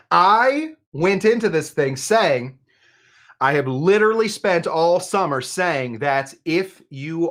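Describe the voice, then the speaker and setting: A man's voice: a little high, a bit bright. A man hosting a live cocktail-making stream, talking casually and rambling with lots of fillers and asides. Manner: rambling, chatty, self-deprecating, with many fillers. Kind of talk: casual livestream chat while mixing drinks.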